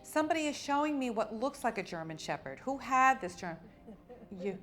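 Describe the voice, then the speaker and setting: A woman working as a spirit medium, giving readings to an audience in a warm, coaxing way and calling people honey and sweetheart. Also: on the high side, sing-song, a little fast.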